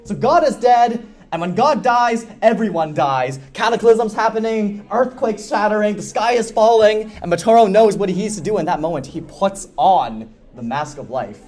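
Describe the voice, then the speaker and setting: A man speaking at a convention panel, enthusiastically explaining a story's lore with quick jokes. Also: high-pitched, expressive, darkish tone. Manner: fast, enthusiastic, self-deprecating jokes. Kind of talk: energetic lore explainer talk.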